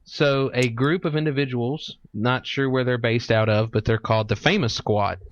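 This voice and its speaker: A man's voice: medium pitch, steady tone, moderate pace, no echo. A man hosting a casual podcast, chatting crudely and reading news articles aloud. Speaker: podcast host. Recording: dull lo-fi podcast mic.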